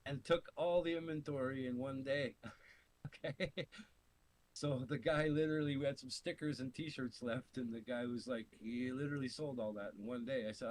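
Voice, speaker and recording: A middle-aged man from Canada telling stories in casual chat, swearing freely and animated, often laughing through his stories. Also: mid-range voice, moderate pace, poor audio. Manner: profane, animated storyteller with laughs. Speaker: podcast co-host. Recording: faint hiss.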